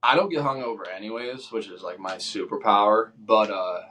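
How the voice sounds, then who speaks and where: A man's voice: fairly low pitch, a little fast, bright, forceful tone, a little hiss or hum. A man in his twenties co-hosting a podcast, chatting casually and rambling through stories while acting out what people said. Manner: rambling storyteller, acts out his own quoted lines. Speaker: podcast co-host. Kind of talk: casual chat.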